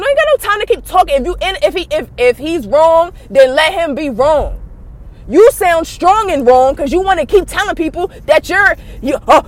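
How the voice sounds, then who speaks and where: Heated, profane woman ranting high. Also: no echo. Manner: profane, scornful and heated, with sudden shouted outbursts. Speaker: podcast host. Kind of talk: blunt gossip commentary.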